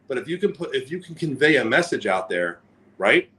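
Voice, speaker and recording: A man co-hosting a business podcast in animated, rambling casual chat, often stopping and restarting his sentences. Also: mid-range voice, fairly quick, slight background noise, rough recording. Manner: animated, rambling, self-interrupting. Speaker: podcast co-host.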